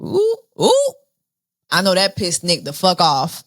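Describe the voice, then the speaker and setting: A woman giving a casual, sassy recap of a reality dating show, jumping between high excited squeals and a low, weary drawl. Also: normal speed, no room sound, studio quality.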